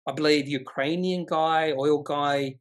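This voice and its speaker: Chatty man, slightly high voice. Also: steady tone, measured pace. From Australia. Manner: chatty, rambling, fillers and asides. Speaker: stock market video host. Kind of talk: casual market commentary.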